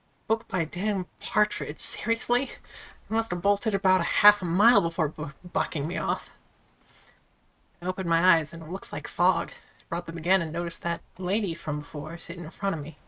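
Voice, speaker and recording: A woman's voice: lowish voice, steady tone, moderate pace, pushed and bright. A woman voicing a drowsy, slightly dim young man who grumbles about being lost, reading a visual novel aloud. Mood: groggy. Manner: plain, drowsy, mildly grumbling.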